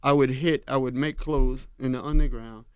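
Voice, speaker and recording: An older man from Harlem, unhurried and storytelling as a radio interview guest, often dropping to a low, confiding tone. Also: fairly even intonation, clean tone, no room sound, clean studio sound. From Harlem, New York. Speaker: guest, fashion designer. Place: radio studio. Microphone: studio mic.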